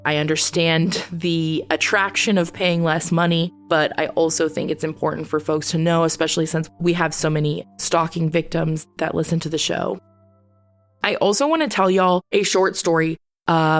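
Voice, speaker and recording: Low, gravelly woman podcast host. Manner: candid, conversational, swears freely. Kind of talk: casual storytelling.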